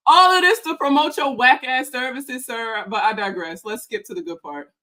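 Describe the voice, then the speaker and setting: A woman's voice: on the high side, sharp tone. A woman who makes personal finance videos, ranting in a heated, profane, sarcastic way as she reacts to a video about her. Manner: profane, heated, fast-talking; sarcastic and mocking. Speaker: personal finance content creator.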